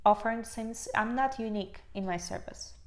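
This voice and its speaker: A woman co-hosting a casual chat over wine, giving business advice in a relaxed way. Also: a little high, fast. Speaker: small business owner, co-host.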